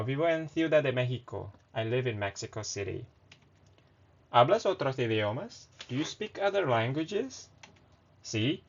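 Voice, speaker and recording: Gravelly man teaching beginner phrases. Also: mid-range voice, muffled recording. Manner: hesitant, many fillers and self-corrections; reads short phrases and then translates them. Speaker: Spanish lesson host. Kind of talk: casual language lesson.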